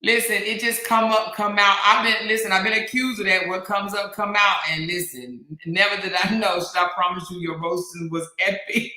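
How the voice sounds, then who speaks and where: A woman host chatting casually with her viewers, breaking into laughter again and again. Her voice is very bright and sharp, with loud playful bursts. The room rings with a roomy echo. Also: mid-range voice, steady tone, moderate pace. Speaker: host reading viewer comments. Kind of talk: casual livestream chat. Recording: roomy echoey room sound.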